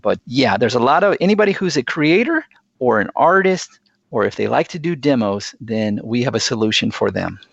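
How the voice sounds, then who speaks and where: A man's voice: medium pitch, vocal fry, no room sound, highs cut off. A man speaking as a podcast guest, earnest and enthusiastic as he tells stories. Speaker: guest, sales executive. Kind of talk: podcast interview.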